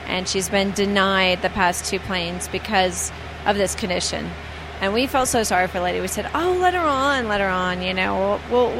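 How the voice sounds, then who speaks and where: A woman's voice: mid-range voice, background noise. A woman who works as a flight attendant, telling stories in a casual, chatty way with many fillers and restarts. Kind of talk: casual storytelling.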